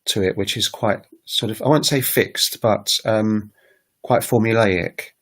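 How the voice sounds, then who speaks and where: A man talks through a language-learning livestream in a relaxed, unscripted way. His voice sits a little low. He thinks aloud, fills pauses with ums, and pokes fun at his own mistakes. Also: slightly rough. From United Kingdom. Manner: self-deprecating asides. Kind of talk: casual solo livestream talk.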